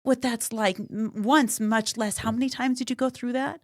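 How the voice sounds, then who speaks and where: A woman's voice: on the high side, fairly even intonation, normal speed, no echo, studio quality. A woman hosting an interview podcast, speaking effusively and emotionally, often restarting her sentences. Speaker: podcast host. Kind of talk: casual interview chat.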